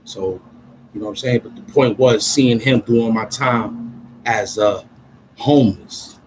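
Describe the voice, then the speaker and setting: A man's voice: medium pitch, measured pace, poor audio. New guy rambling on a stream, all hyped up, slang everywhere, bit of hiss behind him. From Brooklyn, New York. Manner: excitable, rambling, street slang. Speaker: vlogger. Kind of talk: casual livestream chat.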